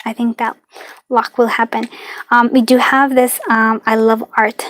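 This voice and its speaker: A woman's voice: a little high, little pitch movement, a little slow. Chatty reassuring woman reading cards. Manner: warm, chatty, reassuring, with frequent fillers and soft laughs. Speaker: tarot and charm reader. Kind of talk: live-stream card reading.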